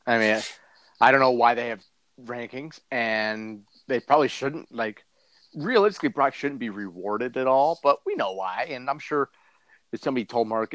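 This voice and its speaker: A man's voice: mid-range voice, normal speed, a bit bright, no echo. A man co-hosting a podcast, riffing in casual chat with rambling, profane jokes. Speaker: podcast co-host. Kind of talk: casual chat about fight news.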